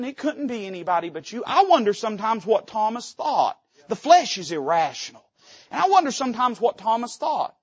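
A man's voice: sits high, big pitch swings, fairly quick, breathy edge, no echo, highs cut off. A man preaching a fervent, folksy sermon from a church pulpit, his volume swelling and dropping suddenly. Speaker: pastor.

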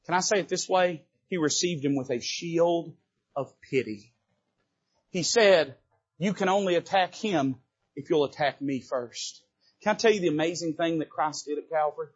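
A man preaching a sermon from a church pulpit, emphatic and lively, swinging between loud bursts and quiet asides and joking with the congregation. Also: fairly high pitch, normal speed, slightly rough, dull audio. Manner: quips to the congregation. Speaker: Baptist preacher.

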